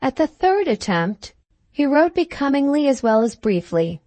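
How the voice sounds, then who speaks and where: A woman narrating a Victorian novel as an audiobook in a measured, even storytelling manner. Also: high voice, no room sound.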